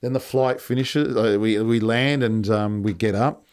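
A man, a podcast guest, telling comic anecdotes in a relaxed storyteller's way. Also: on the low side, a little slow, smooth.

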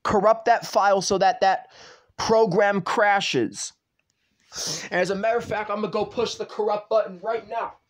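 A man's voice: sits high, steady tone, moderate pace. A man ranting to camera in a vlog, repeating himself, swearing and addressing the platform directly. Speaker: channel owner.

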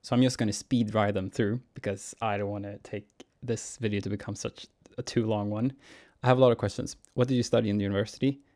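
Low gravelly man, relaxed. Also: quick pace. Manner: relaxed, musing, chuckles often, reads viewer questions aloud. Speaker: cellist and YouTuber. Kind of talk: casual Q&A vlog.

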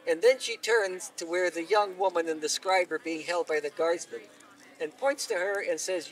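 A man telling a folk tale aloud at an outdoor event, unhurried and expressive, recorded from a distance. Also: high voice. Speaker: storyteller. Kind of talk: oral storytelling.

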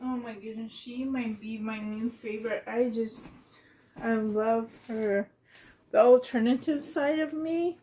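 A woman's voice: a little high, steady tone, unhurried, warm tone, husky. A woman collector gushing with delight as she unboxes reborn dolls for a vlog.

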